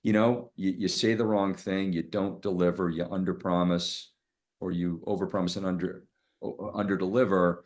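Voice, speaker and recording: A middle-aged man speaks as a podcast guest from a hotel room, his voice very low and deep. He talks candidly, circling back and restarting his sentences as he goes. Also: fairly even intonation, normal speed. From Boston area, USA. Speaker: guest, sales executive. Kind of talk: casual podcast interview.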